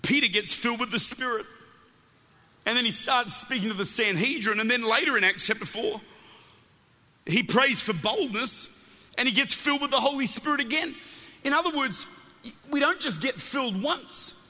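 An Australian man preaches with a high, brilliantly bright voice, telling stories with jokes and stumbling over repeated words. His voice rings out with a long reverb in a church hall. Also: moderate pace, long pauses. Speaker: guest preacher. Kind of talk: Pentecostal sermon.

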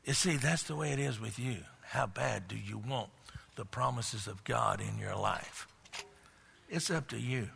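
A man preaching a sermon in a folksy manner, building up to shouted emphasis. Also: medium pitch, a little slow, creaky, big-room sound, a little hiss or hum.

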